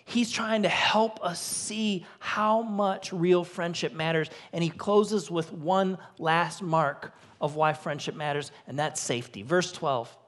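A man in his forties, co-lead pastor of his church, gives a sermon from the stage with a voice on the high side, fairly bright and steady in tone, speaking slowly with few pauses. Before the congregation he tells emotional, earnest personal stories with rising emphasis.

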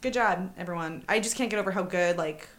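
A woman's voice: on the low side, quick pace, a bit bright. Chatty, swearing woman podcast co-host. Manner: chatty, swears freely, trails off with fillers. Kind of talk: casual chat.

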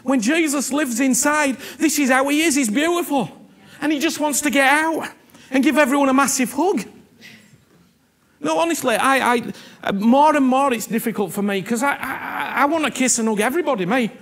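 A man preaching a sermon, earnest and animated, repeating himself and often asking whether he is understood. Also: very high-pitched, moderate pace.

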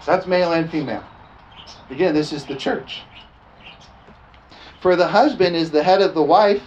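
Chuckling preacher with a fairly high voice. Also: male voice, dull audio, slight background noise. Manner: animated, chuckling, frequent call-and-response "amen?". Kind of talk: sermon. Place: church service, also streamed online.

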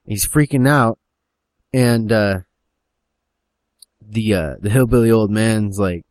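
Male storyteller, low voice, meandering delivery, dry recording. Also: steady tone, measured pace, pauses often, a little mellow, no room sound. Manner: rambling, full of fillers. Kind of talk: casual storytelling chat.

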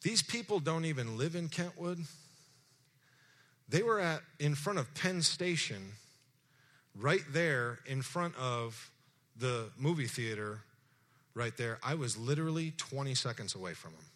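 A middle-aged man, a pastor preaching a sermon as a lively story, acting out dialogue and asking the congregation questions. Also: medium pitch, measured pace.

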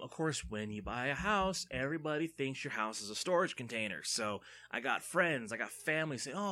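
A man in his thirties tells a long personal story in a loose, rambling way. His pitch swings widely as he acts out what people said. His tone is bright and forward. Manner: rambling, animated, acts out quotes in a high mocking voice.

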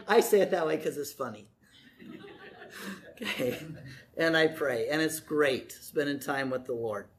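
A middle-aged man preaching a sermon in a folksy way, with joking asides, slowing down to stress key words. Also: fairly high pitch, a bit bright. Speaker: pastor.

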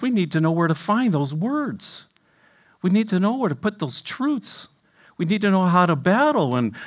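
A man delivers a sermon with a slightly higher-than-average voice that swings widely in pitch. He keeps firing questions at his listeners and sinks to a low, hushed tone when quoting scripture. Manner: animated, questioning the congregation directly. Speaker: pastor.

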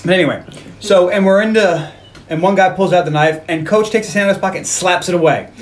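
A man's voice: high-pitched, quick pace, reverberant. A man co-hosting a casual movie podcast, retelling scenes and acting out dialogue with swearing. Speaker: podcast co-host. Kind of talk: casual movie recap chat.

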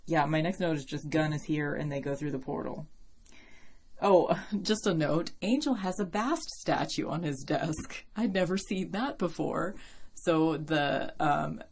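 Low-voiced woman chatting casually. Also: unhurried, a little mellow. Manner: rambling, chatty, laughs often, swears casually. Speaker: podcast host. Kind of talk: casual chat.

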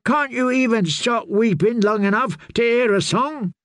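Man playing a high, sneering, short-tempered singer, dry sound. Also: very animated, unhurried, creaky, fairly bright tone, no room sound, full character voice. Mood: scornful. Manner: snapping, scornful. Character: harsh, bad-tempered male singer.

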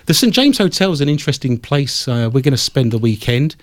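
A man's voice: mid-range voice, very animated, brisk. A man hosting a radio show, chatting casually and rambling through dry, joking anecdotes. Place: radio studio.

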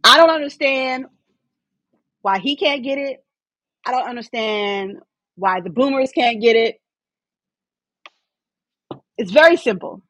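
A woman's voice: a little high, lively intonation, measured pace, pauses often, a bit bright, dry recording. A woman in casual chat, talking in an exasperated, emphatic way.

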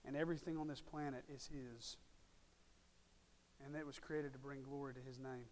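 A man's voice: mid-range voice, steady tone, normal speed, darkish tone, a little hiss or hum. A man preaching a sermon in a church, emphatic and direct with the congregation, repeating words for stress. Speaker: pastor. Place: church sanctuary. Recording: long hall reverb.

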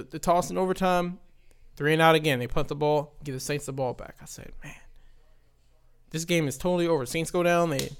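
A man in his twenties, a podcast host, telling a casual sports story in an exasperated rant, often tagging his sentences with "right?". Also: fairly high pitch. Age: 20s.

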